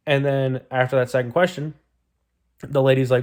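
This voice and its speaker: A man's voice: mid-range voice, flat delivery, normal speed, darkish tone. Rambling young man swearing casually. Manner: rambling, swears a lot, self-deprecating. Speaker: vlogger. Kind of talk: casual storytelling vlog.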